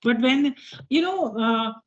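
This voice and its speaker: A middle-aged Indian woman in a casual English practice chat, talking hesitantly and often restarting her sentences. Her voice sits a bit high, and the recording sounds slightly muffled. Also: expressive, slow. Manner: hesitant, many fillers and restarts. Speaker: interviewee, NGO director.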